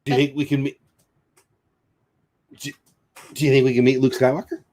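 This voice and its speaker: A man's voice: mid-range voice, little pitch movement, fast talker, warm tone, slight background noise. A middle-aged man hosting a casual home livestream, rambling and joking while reading chat comments aloud. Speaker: livestream host.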